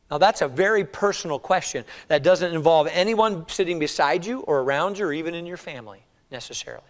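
A man preaching a sermon in a church, swinging between hushed, slow appeals and loud, pleading cries. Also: on the high side, animated. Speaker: pastor.

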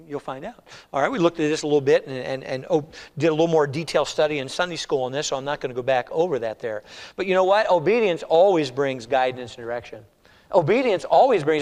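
A man preaching a sermon in a church, swinging between hushed, slow appeals and loud, pleading cries. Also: sits high, animated. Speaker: pastor.

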